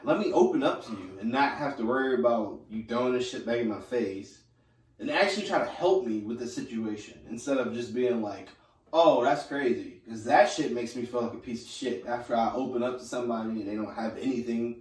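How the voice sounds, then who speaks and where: A man's voice: medium pitch, fairly quick. A young man co-hosting a podcast in casual, profane chat, laid-back and trailing off mid-thought. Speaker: podcast co-host. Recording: roomy, from far off the mic.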